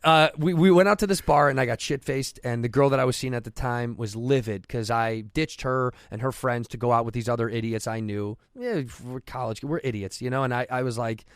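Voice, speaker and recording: A man and guest comedian telling a profane, animated story in casual chat on a studio podcast mic. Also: mid-range voice, fairly quick, hardly any pauses, clean tone, dry recording. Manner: animated, profane, acts out quoted voices.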